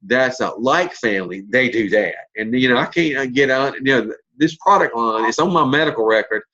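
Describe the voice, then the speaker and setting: Animated and speaking at normal speed, this fifty-something network marketing leader delivers a motivational talk full of blunt, folksy stories and mild swearing. His voice is mid-range with a sharp tone, and the audio sounds dull.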